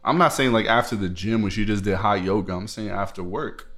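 A young man from the New York area, a podcast guest telling stories in a crude, blunt, animated way. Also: fairly low pitch, brisk. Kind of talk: casual podcast chat.

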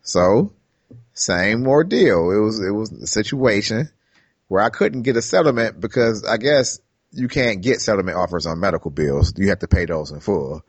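A man's voice: on the low side, expressive, normal speed, breathy edge, no echo. A man co-hosting a casual podcast, telling a story with animation and acting out his own side of phone calls. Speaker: podcast co-host.

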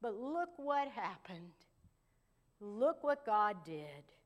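A woman pastor preaching a sermon, telling a story and slowing down and softening her voice for emphasis. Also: medium pitch, very animated.

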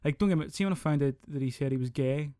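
Ranting on his own podcast, the young host swears constantly and rambles in an animated, casual way. His voice is a little high and fast, and the recording is dry and studio quality.

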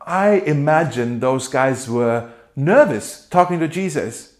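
Animated, playful male pastor. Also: fairly high pitch, takes it slowly. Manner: animated, playful, acts out quotes with laughs. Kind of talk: sermon.

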